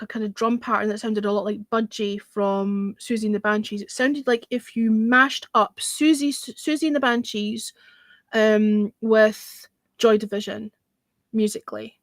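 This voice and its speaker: A woman hosts a casual livestream music panel, her voice sitting a little high. She gives her opinions bluntly and with conviction. The sound is dry, with no room echo. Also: fairly bright tone. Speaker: music show host.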